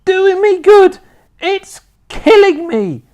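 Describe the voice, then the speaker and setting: A cranky old grandmother screeches and hollers at the top of a pitch pushed far above a man's normal voice, as a male storyteller puts her on. Her yells swing wildly and drag out the words. She is bossy and ill-tempered, a storybook villain. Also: very animated, very slow, lo-fi sound, heavily acted. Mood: shrieking panic.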